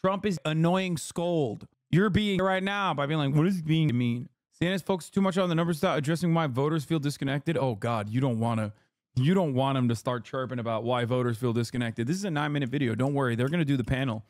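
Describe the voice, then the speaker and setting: A man's voice: mid-range voice, fast talker, no echo, studio quality. A man streaming live, reacting to news clips with casual, profane, sarcastic commentary and mocking quoted voices.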